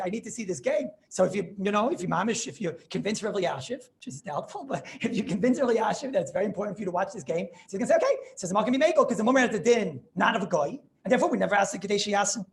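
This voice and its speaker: Chatty high-voiced man teaching a class. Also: very fast, creaky, a little hiss or hum. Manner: animated, chatty, checks if students understand. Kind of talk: informal Torah class.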